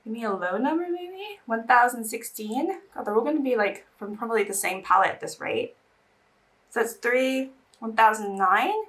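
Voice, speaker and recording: A woman's voice: fairly high pitch, expressive, moderate pace, fairly bright tone, recorded from a distance. A young woman in casual get-ready-with-me chat, emotional and teary, sighing between bursts of chatter. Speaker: beauty vlogger. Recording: voice a little off-mic.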